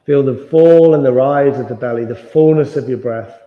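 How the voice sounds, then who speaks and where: A man leading a guided yoga class, giving calm, slow, soothing cues for movement and breathing. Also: medium pitch. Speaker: yoga instructor. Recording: dull, roomy sound with long reverb.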